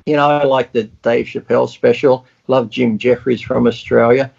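A man's voice: medium pitch, little pitch movement, normal speed, vocal fry, a little mellow, husky. A man in casual chat, blunt and profane, telling stories with animation. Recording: dull lo-fi sound.

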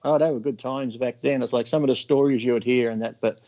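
Animated storytelling man, lo-fi sound. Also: mid-range voice, quick pace. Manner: animated, acts out others' lines in loud bursts. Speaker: podcast guest. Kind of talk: casual storytelling chat.

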